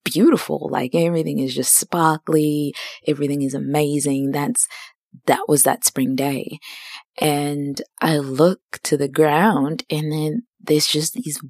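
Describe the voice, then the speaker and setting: A woman's voice: low voice, a little mellow, no echo, studio quality. A woman in her twenties hosting a podcast, telling stories in a chatty, self-dramatizing casual monologue. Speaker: podcast host.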